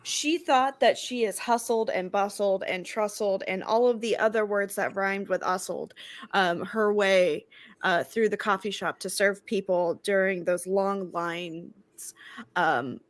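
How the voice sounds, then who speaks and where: A woman's voice: mid-range voice, unhurried, no echo. Rambling, playful woman player. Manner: rambling, filler-heavy, playful. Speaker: tabletop player. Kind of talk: casual role-play chat.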